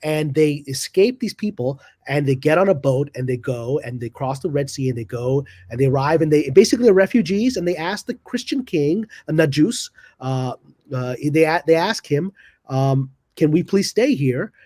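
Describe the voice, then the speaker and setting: A podcast guest on a panel, this man tells an animated, dramatic story and acts out the people he quotes. His fairly high voice moves at a moderate pace, recorded cleanly in a studio with no room sound.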